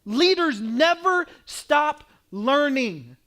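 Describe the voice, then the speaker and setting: Speaking extremely slowly, an Oklahoman-accented pastor preaches from the pulpit in a voice very high for a man. He tells his stories with animated energy, acting out scenes and now and then rising to a shout.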